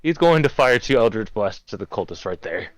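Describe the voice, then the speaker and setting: A man's voice: fairly low pitch, sing-song, fairly quick, no room sound, poor audio. A man playing a tabletop game, hesitant and careful about the rules. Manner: hesitant, rules-minded, many fillers. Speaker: player.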